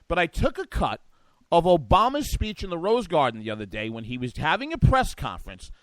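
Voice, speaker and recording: A man's voice: on the high side, big pitch swings, brisk, no echo. A man hosting a talk show, giving combative, sarcastic political commentary. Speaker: radio talk show host.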